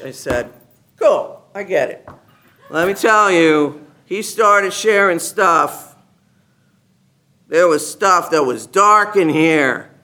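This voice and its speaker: A man giving a personal testimony to a gathered group, an animated storyteller who acts out other people's lines and laughs often. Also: sits high, slow pace, pauses often. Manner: laughs often while talking. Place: meeting room with a gathered group.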